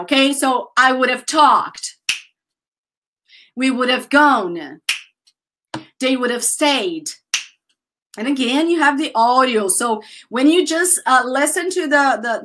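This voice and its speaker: A woman teaching English grammar, drilling phrases slowly and chatting with her students. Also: medium pitch, a bit bright. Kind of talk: live online English lesson.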